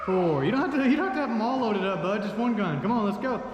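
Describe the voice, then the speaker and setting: Animated dad in an echoey room. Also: male voice, high-pitched, fast, highs cut off, background noise. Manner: animated, laughing, teasing, calls out play-by-play. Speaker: dad vlogger. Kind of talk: playful family vlog chat. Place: home, indoors. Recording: echoey room with long reverb.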